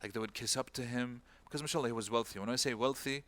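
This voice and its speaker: A man's voice: medium pitch, quick pace, fairly bright tone. A man giving an informal religious talk as an imam, telling a story and acting out the people in it with a raised voice, and dropping Arabic words and phrases into his speech. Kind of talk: talk-style religious lecture.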